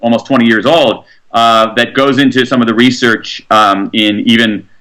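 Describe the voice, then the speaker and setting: A man being interviewed as an author, explaining research in an animated way and acting out quotes. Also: medium pitch, normal speed. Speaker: author guest.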